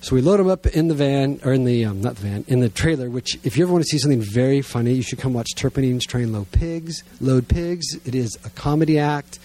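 A middle-aged man preaching to a gathered congregation, telling a self-mocking family story in a lively way and then praying quietly and earnestly. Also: medium pitch, quick pace, few pauses. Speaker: pastor. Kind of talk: sermon storytelling and prayer. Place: church gathering with listeners present.

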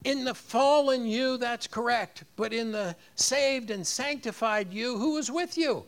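A man's voice: very high-pitched, a little slow, fairly bright tone. A man preaching a sermon, rising on key phrases and leading the congregation in repeating lines. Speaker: pastor.

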